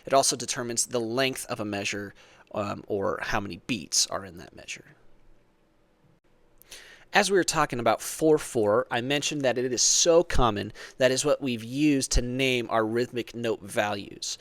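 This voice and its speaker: A man's voice: medium pitch, normal speed, fairly bright tone, no room sound. Man counting beats in a music lesson. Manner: explains patiently, counts beats aloud; conversational, frequent "right?". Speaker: church music teacher. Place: church.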